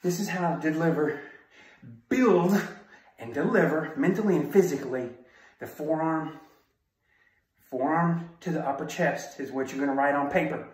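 A man's voice: a little high, normal speed, a little mellow. A man giving a self-defense training talk as an instructor, in a punchy, emphatic style of short barked phrases. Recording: very echoey room, far from mic.

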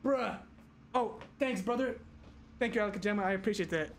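A young man streaming a zombie game, reacting loudly with gasps and exclamations. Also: high voice, normal speed, a little hiss or hum. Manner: excitable, loud reactions, frequent gasps. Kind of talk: live gameplay commentary.

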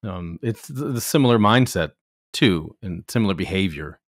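Deep-voiced, wry podcast host man. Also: animated, normal speed, dry recording, studio quality. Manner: wry, anecdotal, teasing. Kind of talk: casual chat.

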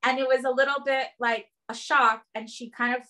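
Earnest woman chatting, lots of likes and ums, bright voice. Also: sits high, brisk. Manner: earnest, animated storytelling with many "like" and "um". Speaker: guest sharing parenting experience. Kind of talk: casual conversation.

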